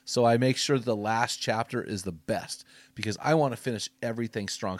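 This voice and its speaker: A middle-aged man giving a preaching-style podcast talk to men as ministry speaker and host, emphatic and exhortative, rising to loud punchy bursts. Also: mid-range voice, normal speed, no room sound, clean studio sound.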